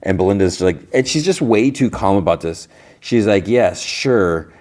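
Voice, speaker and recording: A man's voice: low voice, expressive, moderate pace, a little mellow. A man hosting a podcast, casually recapping a TV episode in a rambling way with many fillers and restarts. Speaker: podcast host.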